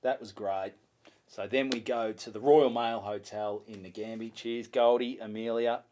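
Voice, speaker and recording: An Australian comedian telling a lively story on a podcast, swearing and acting out other people's voices. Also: male voice, medium pitch, moderate pace. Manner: animated, swearing, acts out voices. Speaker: comedian guest.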